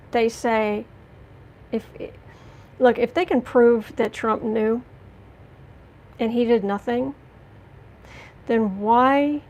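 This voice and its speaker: A woman giving a livestreamed tarot reading, talking indignantly and emphatically with halting restarts as she greets chat. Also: a little high, darkish tone, muffled recording. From United States. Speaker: tarot reader.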